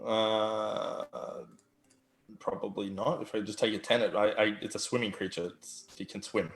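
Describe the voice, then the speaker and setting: A man with a gravelly voice, a laid-back player in a tabletop game, hesitant as he works out his plans. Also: fairly low pitch, fairly even intonation, moderate pace, roomy sound. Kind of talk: casual tabletop game play.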